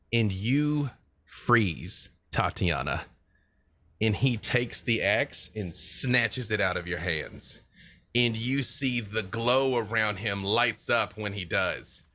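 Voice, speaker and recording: A man runs a tabletop game as dungeon master. He talks slowly in a fairly low voice with a bright, forceful tone. His narration is measured and descriptive.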